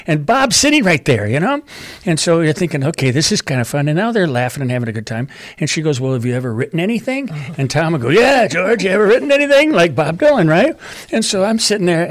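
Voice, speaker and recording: A middle-aged man telling stories as a radio guest, animated, with restarts and a voice that jumps up when he gets excited. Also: dry recording, studio quality. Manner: animated anecdotal storyteller, restarts, rises in pitch when excited. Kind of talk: casual storytelling chat.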